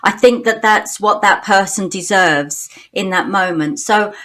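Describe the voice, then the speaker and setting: A woman's voice: mid-range voice, unhurried, bright, forceful tone. A middle-aged woman from Britain whose English accent carries a slight Australian twang. She chats easily as an interview guest over a video call and laughs often. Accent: British English with a slight Australian twang. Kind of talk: casual interview chat.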